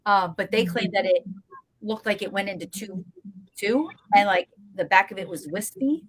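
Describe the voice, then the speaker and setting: In a casual chat, a guest paranormal investigator recounts a ghost-hunting story, acting out everyone's voices with animation. Her medium-pitched voice is slightly rough at a normal speed, and the audio is poor.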